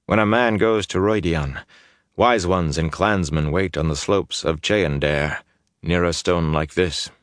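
A man voicing a reluctant older warrior who speaks slowly and gravely. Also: deep voice, fairly bright tone, dry recording, clean studio sound. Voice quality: slow, grave, halting.

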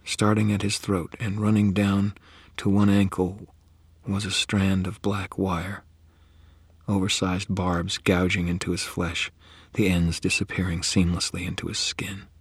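A man narrating first-person fiction in a grave manner, often dropping into a hushed whisper. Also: low-pitched, breathy edge, dry recording. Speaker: audiobook narrator.

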